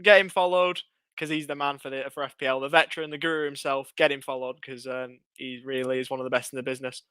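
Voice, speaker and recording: A man's voice: mid-range voice, level tone, quick pace, fairly bright tone, clear, resonant tone, no echo. A man co-hosting a casual podcast panel, cheeky and jokey, plugging the show. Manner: cheeky, jokey, rambling plugs. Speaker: podcast co-host.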